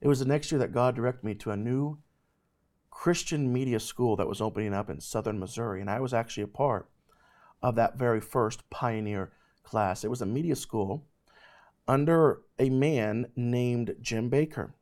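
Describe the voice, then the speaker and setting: A man in his thirties, host of a ministry show, telling a personal faith testimony in an animated, emphatic way. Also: medium pitch, moderate pace. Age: 30s.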